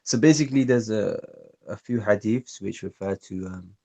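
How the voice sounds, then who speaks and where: Male panelist, low and gravelly, halting delivery, muffled call audio. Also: dark tone. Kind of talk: casual livestream chat.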